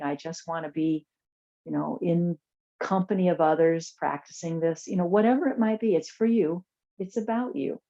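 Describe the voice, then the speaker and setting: A woman teaching a chair yoga class, giving calm, soothing spoken guidance through breath and poses. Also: lowish voice, dull audio.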